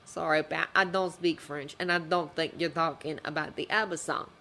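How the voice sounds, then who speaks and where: A woman's voice: low voice, steady tone, moderate pace, bright, forceful tone. A woman voicing a cold, cruel vigilante who mocks and threatens. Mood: menacing. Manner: menacing, mocking. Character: menacing vigilante cabbie, young man, cold and cruel.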